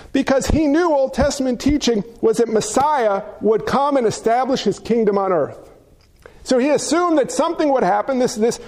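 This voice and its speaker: Very high-voiced man preaching a sermon. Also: a little mellow. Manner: emphatic, rhetorical questions to the congregation. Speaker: pastor.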